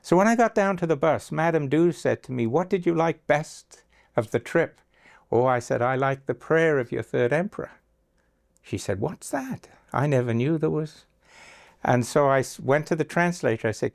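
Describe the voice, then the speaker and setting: A man's voice: fairly high pitch, normal speed, vocal fry. An older man telling stories in an interview, acting out the lines of the people in them. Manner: anecdotal, acts out quoted dialogue. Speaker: interviewee, agency founder. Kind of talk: storytelling interview.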